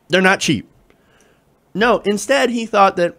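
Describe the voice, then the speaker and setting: A man's voice: high-pitched, unhurried, pauses often, fairly bright tone. A young man hosting a political commentary show, sarcastic and incredulous as he swears his way through a rant. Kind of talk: opinionated news commentary.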